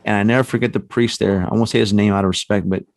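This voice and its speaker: A man's voice: on the low side, steady tone, quick pace, a little mellow, dry recording. A man, a guest on a podcast, casually telling a long personal story, rambling with many fillers like "you know" and "like". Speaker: podcast guest, paranormal investigator.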